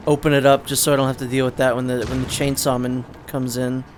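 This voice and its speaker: A man's voice: mid-range voice, level tone, fast, few pauses, noisy background. A man giving casual, rambling gameplay commentary as a let's play host, restarting sentences and swearing now and then. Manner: rambling and chatty, with frequent restarts and sudden swearing.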